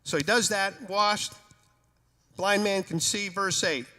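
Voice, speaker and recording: Man, pastor, sermon, humorous animated storytelling, high-ish voice, reverberant church hall. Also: takes it slowly. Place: church sanctuary.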